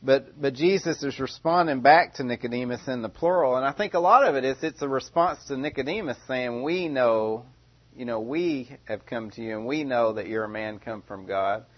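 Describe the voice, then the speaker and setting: A man's voice: mid-range voice, normal speed, highs cut off. A man preaching a sermon in a conversational, questioning way, often restarting his phrases.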